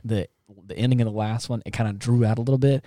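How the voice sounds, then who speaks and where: A man co-hosting a casual movie review podcast, relaxed and easygoing, with lots of fillers. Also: medium pitch, quick pace, no room sound, studio quality. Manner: laid-back, laughing, hesitant fillers. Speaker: podcast co-host.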